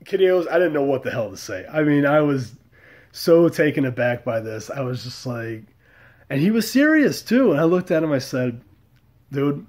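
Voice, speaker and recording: A man's voice: mid-range voice, lively intonation, normal speed, darkish tone, breathy edge. A middle-aged man from the United States telling a story to camera in a blunt, wry way, with mild cursing. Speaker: vlogger. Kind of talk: casual storytelling monologue.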